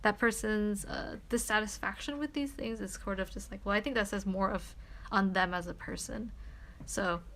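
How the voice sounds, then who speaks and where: A young woman streamer telling a story in casual chat, animated and full of fillers like "like" and "you know". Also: medium pitch, moderate pace, slight background noise.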